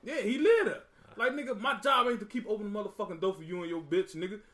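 A man's voice: high-pitched, animated, fast, a bit bright. A man in a casual chat with friends, telling a blunt, profane story with lots of heat.

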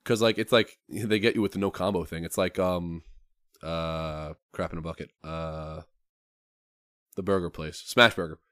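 Laid-back guy on a podcast, real low voice, chuckles a lot, super dry close sound. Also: steady tone, moderate pace, a bit bright, clear, resonant tone, dry recording. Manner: easygoing, laughs often, fillers. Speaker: podcast guest. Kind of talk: casual chat.

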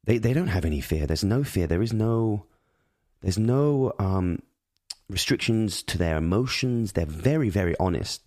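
A man's voice: fairly low pitch, a little mellow, no echo, studio quality. A father speaking in an earnest, reflective monologue on parenting, rambling with many restarts and repeated words.

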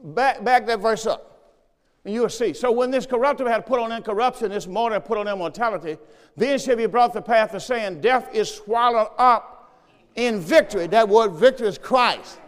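Brisk and pitched high, a male pastor teaches from scripture in his sermon, leaning on call and response and returning again and again to key phrases. Long church reverb surrounds him.

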